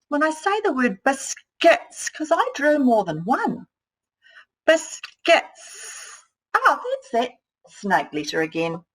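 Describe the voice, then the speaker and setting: Breathy teacher. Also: female voice, medium pitch, fairly bright tone, rough recording. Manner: slow, sounding out words, thinking aloud. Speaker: primary school teacher. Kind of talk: modeling writing for young children.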